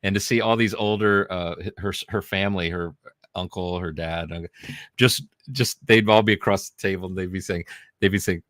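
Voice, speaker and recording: A man's voice: sits low, steady tone, moderate pace, fairly bright tone, no room sound, clean studio sound. A man co-hosting a podcast, telling funny stories in casual chat and laughing often. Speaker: podcast co-host.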